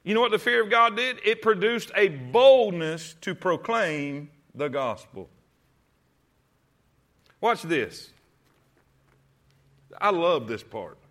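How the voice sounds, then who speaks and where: A man's voice: sits high, animated, slow pace, long pauses, a bit bright. A man preaching a sermon to a congregation in church, emphatic, with many rhetorical questions, calling his listeners to read along with him. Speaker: pastor. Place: church service.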